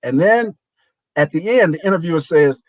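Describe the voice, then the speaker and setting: Animated older man telling a story. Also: on the high side, moderate pace, no echo, poor audio. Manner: animated, acts out quoted voices. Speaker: guest. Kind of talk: storytelling anecdote.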